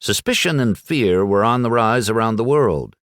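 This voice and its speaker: A man reading an audiobook in a measured, dramatic storytelling manner. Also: on the low side, animated, no room sound, clean studio sound. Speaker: audiobook narrator. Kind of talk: scripted audiobook narration.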